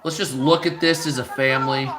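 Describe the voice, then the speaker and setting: A man's voice: medium pitch, fairly even intonation, brisk, fairly bright tone. A tired man giving blunt, heavily profane reaction commentary while reading news headlines aloud. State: tired, low energy.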